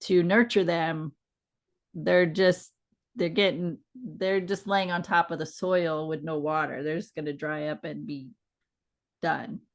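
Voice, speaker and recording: A woman with a lower voice co-hosts a casual talk show. She tells her stories in an easygoing, reflective way. Her tone stays gentle and reassuring. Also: fairly even intonation, unhurried. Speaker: podcast co-host. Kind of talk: casual conversational storytelling.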